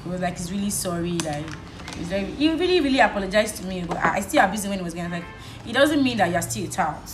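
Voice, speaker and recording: A young Nigerian woman with a Nigerian accent, vlogging in a casual chat while she does her makeup, telling a story in an animated way. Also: mid-range voice, fast talker, echoey room, slight background noise, rough recording. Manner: animated storytelling, switching between English and Yoruba.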